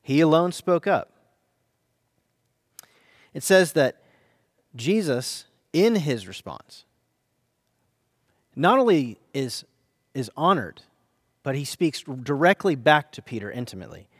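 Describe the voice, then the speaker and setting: An American man preaches a sermon in a somewhat high voice, leaning into key phrases and slowing down to stress them. The sound is dry and close, with no room around him. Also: big pitch swings, dry recording. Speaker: pastor.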